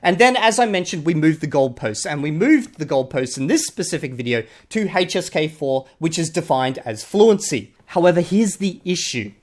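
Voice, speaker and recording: A man's voice: a little high, sing-song, normal speed, hardly any pauses, darkish tone. A man with an Australian accent giving casual commentary as a channel host, blunt and sarcastic, and he swears casually. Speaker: channel host reviewing a video.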